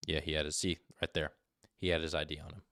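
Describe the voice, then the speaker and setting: A man hosting a live commentary stream, talking in an animated way and mimicking voices to make his points. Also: very deep voice, quick pace, no room sound, clean studio sound. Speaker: livestream host.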